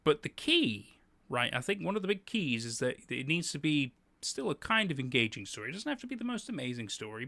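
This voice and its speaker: A man's voice: medium pitch, gravelly, a bit bright, no room sound. A man hosting a livestream, chatting casually and animatedly, laughing often and swearing freely. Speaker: livestream host.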